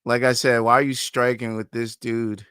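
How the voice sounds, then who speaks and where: A man hosting a live fight watch-along, giving fan commentary, who swears often and pleads and shouts at the fighters on screen. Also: mid-range voice, flat delivery, moderate pace, clear, resonant tone, no echo, studio quality.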